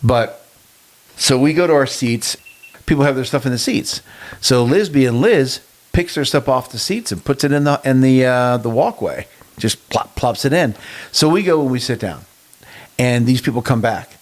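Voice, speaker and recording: A middle-aged man co-hosting a casual podcast, telling an animated travel story with chuckles. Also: mid-range voice, normal speed. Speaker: podcast co-host. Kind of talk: casual chat.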